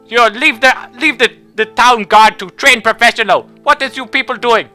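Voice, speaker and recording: A man voicing an angry elderly noble father who shouts in broken English. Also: extremely high pitch, normal speed, faint music behind, pitched above the performer's own voice. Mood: furious.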